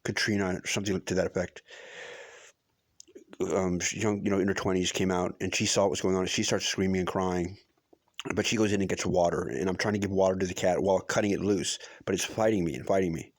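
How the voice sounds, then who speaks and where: A man's voice: low-pitched, steady tone, brisk, dry recording. A middle-aged man telling a personal story in a casual, rambling way, restarting often and swearing for emphasis. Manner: rambling, with many restarts and fillers.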